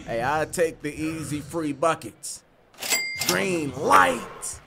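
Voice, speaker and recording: A man giving excited gameplay commentary, hyping plays and often shouting. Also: a little high, takes it slowly, gravelly, noisy background. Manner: hypes plays with frequent shouting. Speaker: gaming video creator.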